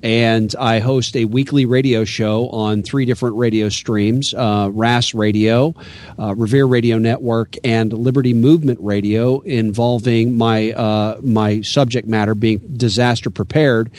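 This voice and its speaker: In a casual interview, an American man who is a guest author and radio host earnestly lays out his views, with lots of fillers and restarts. His voice sits at medium pitch, with a steady, unhurried delivery and a somewhat dark tone.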